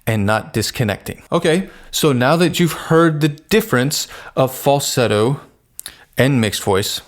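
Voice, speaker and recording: Man, singing teacher, lively pitch, slow careful pace, plain explanations. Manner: explains plainly and breaks into sung falsetto examples. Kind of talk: vocal lesson with sung demonstrations.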